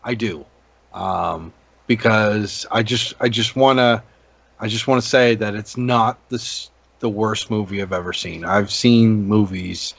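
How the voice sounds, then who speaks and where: A man's voice: lowish voice, fairly even intonation, unhurried, vocal fry, a bit bright, dry recording. A man co-hosting a casual movie review podcast, rambling with many ums and restarts. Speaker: podcast co-host.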